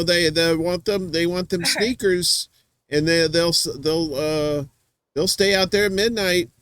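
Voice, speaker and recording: A man's voice: high-pitched, no room sound. A man hosting a casual live-stream chat, rambling with many fillers and restarts. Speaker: podcast host.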